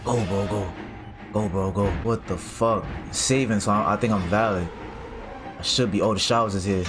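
A man's voice: fairly low pitch, normal speed. A man commentating his horror game playthrough, reacting in panic with casual slang. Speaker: gaming streamer. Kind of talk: let's play commentary. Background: game music.

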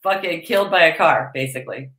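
A woman's voice: low voice, fast, reverberant, crowd noise. A woman comedian talking in casual chat, blunt and swearing freely. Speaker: comedian guest.

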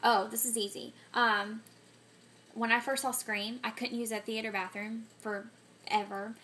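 A woman's voice: on the high side, flat delivery, unhurried, sharp tone, a little hiss or hum. A woman vlogging casually to camera, scatterbrained and full of ums and self-corrections, getting sick and coughing. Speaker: vlogger answering a movie tag.

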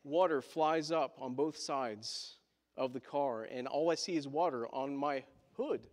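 A man's voice: mid-range voice, measured pace, darkish tone, long reverb tail. A male pastor telling a story in a sermon, chatty, with asides to the congregation.

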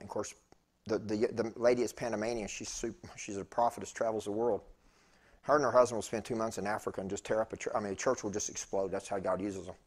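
A man preaching a sermon, telling a story with animated swings between loud bursts and hushed tones. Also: lowish voice, quick pace.

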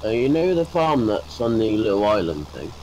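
A man's voice: on the low side, very animated, normal speed, mellow, a little hiss or hum, poor audio. A man chatting casually over voice chat, explaining things to his friends. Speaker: gamer on voice chat.

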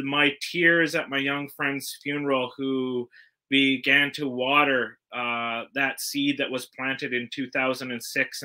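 A man from Canada giving an earnest, measured curator's talk, often pausing on "uh". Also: medium pitch, sharp tone. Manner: earnest, measured, frequent "uh" fillers. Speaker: guest curator.

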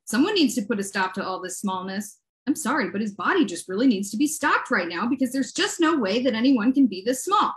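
A woman poet performs a reading of her own work in a high, sing-song voice. She coos in baby talk, then drops into low, muttered, profane asides. Her pitch swings widely from line to line. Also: big pitch swings, moderate pace, fairly bright tone. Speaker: guest poet.

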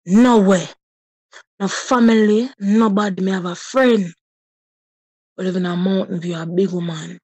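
A woman in her thirties with a Jamaican accent speaks in a husky, mellow voice. She tells a personal story with deep feeling, slipping into patois. The sound is dry and close. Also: steady tone, measured pace, long pauses, no echo. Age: 30s. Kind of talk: personal testimony.

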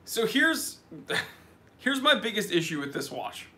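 Male live-stream host, casual and joking, bright and slightly high voice, greeting chat viewers by name. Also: big pitch swings, slow pace. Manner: reads out viewer names and comments, chatty and joking. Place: office.

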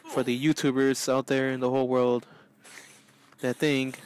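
Goofy, excitable man doing game commentary. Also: medium pitch, moderate pace. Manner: goofy, excitable, often yelling out. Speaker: gaming channel host. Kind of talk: let's play commentary.

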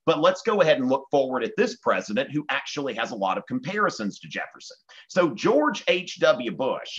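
A man's voice: mid-range voice, sharp tone, highs cut off. A man from Virginia with a Southern US accent, teaching history in a conversational exam-prep lecture with many fillers.

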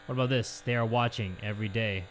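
A young man commentating on a horror game, goofy and excitable, swearing often and joking to his viewers. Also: on the low side, fast, a little hiss or hum. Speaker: gaming YouTuber.

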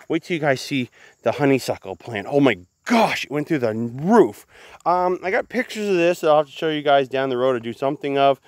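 A man's voice: mid-range voice, dry recording. A man giving a casual, chatty walk-through of his garden outdoors, often calling the viewers guys. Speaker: gardening vlogger.

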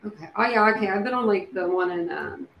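A woman hosting a casual livestream, thinking out loud with many fillers and restarts. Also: mid-range voice, expressive, quick pace, creaky. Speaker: true crime livestream host. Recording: echoey room with faint background noise.

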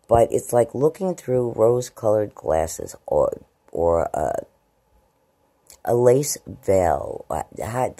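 A woman talks into her camera at home in a low, gravelly voice with a dark, mellow tone. Her pitch swings a lot as she rambles loosely from thought to thought. At times she jumps up high into baby talk with her cats. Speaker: vlogger. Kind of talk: casual late-night vlog. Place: at home, indoors.

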